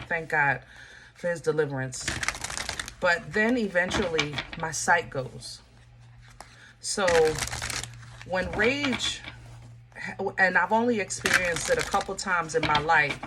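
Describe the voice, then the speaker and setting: A woman's voice: on the low side, noisy background. Blunt, emphatic woman tarot reader. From Pennsylvania. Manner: emphatic and blunt, talks straight to the viewer; frank, folksy speech. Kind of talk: casual tarot reading.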